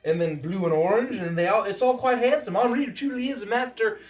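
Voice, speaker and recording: Man, tabletop player, in character, quaint formal phrasing, higher voice. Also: a little fast, a crowd in the background. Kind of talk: in-character tabletop role-play.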